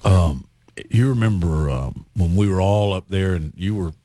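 A man's voice: low-pitched, lively intonation, mellow, no room sound. Dry-sounding storytelling male radio host. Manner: storytelling, chuckling, drawn-out punchlines. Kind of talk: casual on-air reminiscing.

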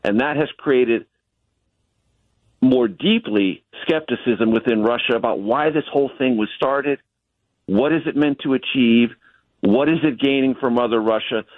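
A man speaking as a correspondent on a radio news show, calm and analytical, leaning on key words for emphasis, heard over a phone line. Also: medium pitch, unhurried, no room sound. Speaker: chief Washington correspondent, guest. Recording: tinny dry phone line.

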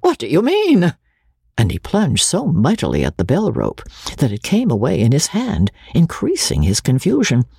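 An expressive audiobook narrator reading a classic novel with a very animated, lively pitch. The voice is husky and breathy, recorded dry and close. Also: moderate pace, dry recording. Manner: expressive, ironic asides.

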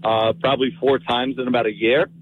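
A man calling a radio show, talking in a halting, sheepish way with many fillers. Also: mid-range voice, flat delivery, dry recording. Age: 30s. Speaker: caller. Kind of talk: casual phone-in chat. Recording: tinny phone line.

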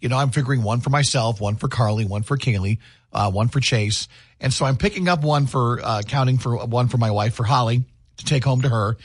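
A man's voice: medium pitch, a little fast, breathy edge, dry recording, studio quality. A middle-aged man, co-hosting a morning radio show and telling stories in casual banter. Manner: chatty storyteller, animated, laughs easily.

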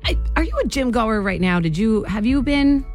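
A woman's voice: a little high, big pitch swings, moderate pace, soft background music. A woman hosting a morning radio show, chatting with listeners in a bubbly way and laughing often. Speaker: radio host. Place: radio studio.

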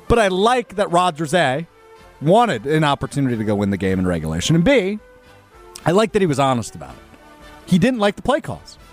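A man's voice: on the high side, huge pitch swings, a little fast, faint music behind. A man hosting a sports radio show, talking in an emphatic, opinionated and conversational way.

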